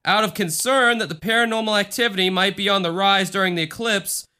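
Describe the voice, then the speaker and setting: A man's voice: sits high, steady tone, a little fast, sharp tone, clear, resonant tone. A man co-hosting a casual podcast chat, reading a news article aloud with dry, sarcastic asides. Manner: sarcastic, mock-offended joking, swears. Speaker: podcast co-host.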